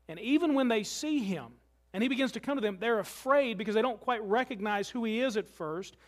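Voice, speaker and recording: High-voiced male pastor preaching. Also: brisk. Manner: conversational preaching with humorous asides. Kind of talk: sermon.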